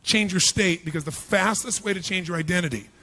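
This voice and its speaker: A man giving a live motivational seminar, energetic and punchy, constantly quizzing the audience with questions. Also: high voice, a little fast. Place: large seminar hall with thousands present.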